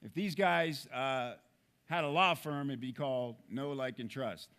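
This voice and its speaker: A middle-aged man giving a comedic keynote talk to an audience, jokey and animated, with many fillers. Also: medium pitch, a little slow. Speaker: speaker.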